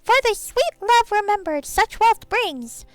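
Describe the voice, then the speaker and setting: A woman's voice: very high voice, animated, unhurried, dry recording, pitched above the performer's own voice, low-quality recording. A woman voicing a tiny female pixie with a sing-song, theatrical delivery.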